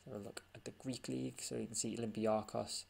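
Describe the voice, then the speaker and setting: Gravelly low-voiced man musing over gameplay. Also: level tone, quick pace, darkish tone, slight background noise. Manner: thinking aloud, muttering over screen results. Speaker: gaming channel host. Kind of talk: casual gameplay commentary.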